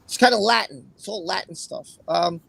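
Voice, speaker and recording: Raspy high-voiced man hosting a livestream. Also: moderate pace, fairly bright tone. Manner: rambling, chatty, with fillers and repeated phrases. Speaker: livestream host. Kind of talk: casual livestream commentary, reading a court opinion aloud.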